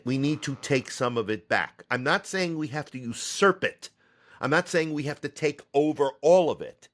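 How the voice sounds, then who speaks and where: A man from the United States who heads a theater company, hosting a solo podcast. He rambles, pokes fun at himself and drops sarcastic asides. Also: medium pitch.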